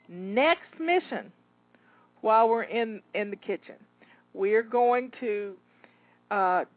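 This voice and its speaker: A woman's voice: on the high side, no room sound. A woman coaching listeners through timed cleaning tasks, cheering them on with encouraging, repeated rallying phrases. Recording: phone-like narrow dry sound.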